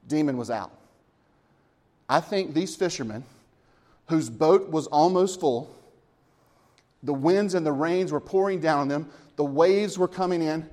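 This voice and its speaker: A man preaching a sermon, swinging between lively emphasis and hushed, quiet moments, with chuckles between points. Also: fairly high pitch, a little slow, long pauses. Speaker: pastor.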